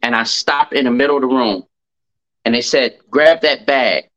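A man's voice: mid-range voice, fairly even intonation, normal speed, a bit bright, poor audio. A middle-aged man, a podcast guest telling a personal story. He stresses and repeats key phrases.

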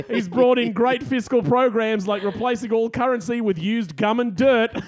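High-voiced man telling crude stories. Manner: deadpan absurd, crude jokes. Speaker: co-host. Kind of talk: comedic podcast storytelling.

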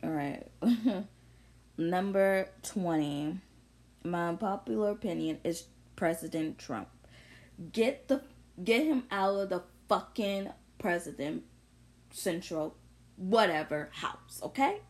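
A woman's voice: lowish voice, animated, slow, darkish tone. A young woman vlogger ranting bluntly through an unscripted monologue, full of profanity and confrontation. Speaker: vlogger sharing opinions.

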